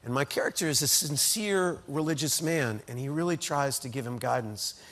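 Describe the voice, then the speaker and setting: A man's voice: medium pitch, moderate pace, a bit bright. A middle-aged American man, an actor guest telling anecdotes in a chatty way, full of asides and repeated words. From United States. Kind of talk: animated anecdote telling in an interview.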